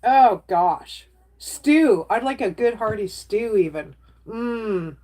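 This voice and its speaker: A woman's voice: mid-range voice, animated, slow pace, a little mellow. A middle-aged woman chatting casually on a livestream, rambling from topic to topic and reacting to viewer comments.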